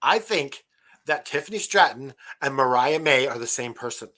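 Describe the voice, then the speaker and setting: A man co-hosting a casual wrestling podcast, talking in halting bursts and cracking jokes. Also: medium pitch, lively intonation, bright, forceful tone. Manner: halting, many fillers and restarts, jokey. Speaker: podcast co-host. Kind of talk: casual wrestling review chat.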